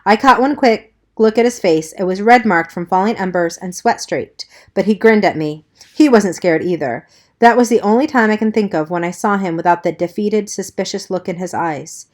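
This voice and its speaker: A woman's voice: mid-range voice, moderate pace. Woman reading a novel aloud. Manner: steady, plain reading. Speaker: audiobook reader. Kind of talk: first-person novel narration.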